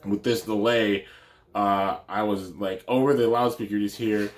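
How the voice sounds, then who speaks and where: A man's voice: lowish voice, unhurried. A man, a YouTuber, casually telling a story in a rambling way, with many fillers and restarts.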